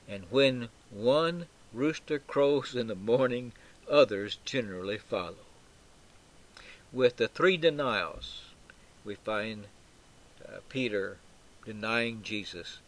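A man preaching an expository Bible sermon at an unhurried, deliberate pace. His voice sits in an ordinary middle register, and he leans hard into emphatic phrases. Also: mid-range voice. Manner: slow, emphatic, with swells on quoted lines.

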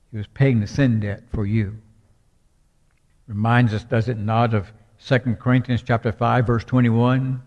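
A man preaching a sermon, slow and emphatic, his voice swelling on key words. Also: mid-range voice, steady tone. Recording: dull sound with long hall reverb.

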